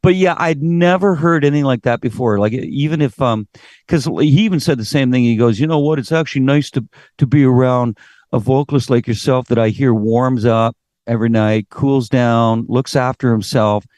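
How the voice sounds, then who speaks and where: Middle-aged Canadian rock singer, mid pitch, animated, acts out his stories, dry close sound. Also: moderate pace, dry recording. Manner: animated storyteller, acts out quotes, swears casually. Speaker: guest singer. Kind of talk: casual interview chat.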